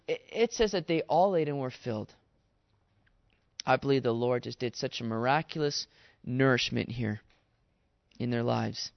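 A man's voice: mid-range voice, normal speed, vocal fry, no echo. A man preaching a sermon in an earnest, exhorting way, talking straight to his listeners. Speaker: pastor. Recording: dull dry sound.

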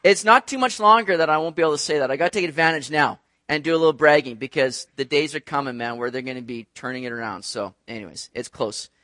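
Joking pastor with a high voice. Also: male voice, quick pace, hardly any pauses, bright, forceful tone, dry recording. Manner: chatty, joking asides to the congregation. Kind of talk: sermon.

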